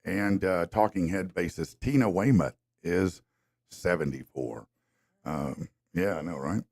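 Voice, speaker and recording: Deep-voiced man hosting a morning show. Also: darkish tone. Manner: upbeat, loose, drawn-out fillers. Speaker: radio show host. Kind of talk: casual morning show chat. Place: studio. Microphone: studio mic.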